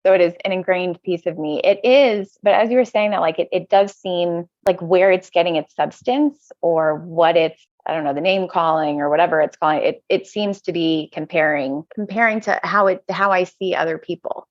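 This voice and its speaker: A woman from the United States, a podcast guest, talking reflectively and haltingly, often restarting her thoughts. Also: fairly low pitch, no echo. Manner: hesitant, self-searching, frequent restarts. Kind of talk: reflective conversational interview. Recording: slightly dull lo-fi audio.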